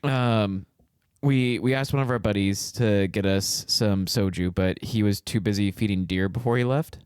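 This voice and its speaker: A man co-hosts a podcast in casual chat, rambling with plenty of ums and likes. His voice is on the low side at normal speed, a little mellow, clear and resonant, in a dry, studio-quality recording.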